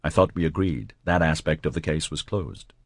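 A man's voice: extremely low pitch, normal speed, dry recording, clean studio sound. A man playing a harried, terse male police chief.

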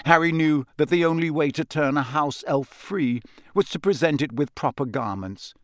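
A man narrating an audiobook in a measured, expressive storytelling manner. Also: fairly high pitch, no room sound, studio quality. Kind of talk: scripted narration.

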